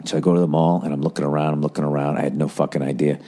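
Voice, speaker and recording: A man's voice: very deep voice, flat delivery, rapid-fire, mellow. A middle-aged man, a comedian and podcast host, telling a rambling, profane comic story in casual chat.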